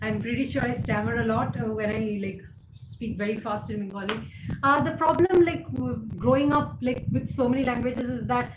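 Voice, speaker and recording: A chatty woman hosts a live stream and answers viewer questions off the cuff. Her voice sits a little high, and she fills her talk with fillers and quick laughs. The sound is roomy and echoey, with a steady hiss of background noise. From India. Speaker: livestream host. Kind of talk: casual live chat answering viewer comments.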